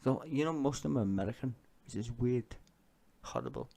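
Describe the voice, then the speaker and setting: Give me a blunt, foul-mouthed man with a gravelly, fry-edged voice, reacting to politics. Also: medium pitch, quick pace, warm tone. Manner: blunt, sweary and sarcastic. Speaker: streamer reacting to political clips. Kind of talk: casual profane rant.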